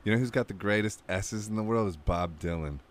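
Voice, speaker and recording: A man hosting a casual interview chat, relaxed and rambling, often restarting his sentences and whistling his S sounds. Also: fairly low pitch, a little fast. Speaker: interview host.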